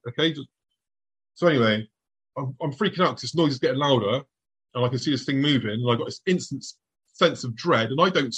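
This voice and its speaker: A middle-aged man telling a tense personal story to an audience, acting out his past thoughts in a hushed voice. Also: medium pitch, husky, low-quality recording.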